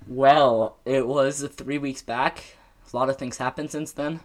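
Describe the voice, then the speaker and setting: A man's voice: mid-range voice, steady tone, unhurried. Sarcastic young male podcast guest. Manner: teasing, sarcastic. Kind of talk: casual chat.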